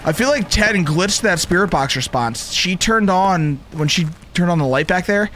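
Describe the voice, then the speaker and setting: A young man streaming a video game with excited, animated commentary, often firing the same questions again and again. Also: high voice, normal speed, a little hiss or hum. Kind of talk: live gameplay commentary.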